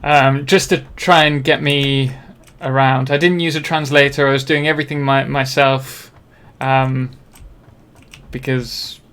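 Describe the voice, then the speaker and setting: A man's voice: medium pitch, flat delivery, a little slow, a bit bright, clean tone. A young man from Britain chatting casually on a live game stream, rambling and self-deprecating, with many ums and restarts. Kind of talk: casual live-stream chat while playing.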